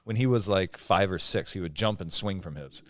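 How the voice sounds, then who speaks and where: Podcast co-host, male, low voice, dry close sound, relaxed storyteller. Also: normal speed, no room sound. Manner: easygoing, uses lots of fillers, laughs through stories. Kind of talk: casual chat.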